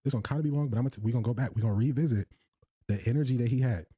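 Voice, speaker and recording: Racing along in a husky, mid-range voice, an American host of a casual sports commentary show talks straight to his viewers. He's animated, acting out each quote he breaks down.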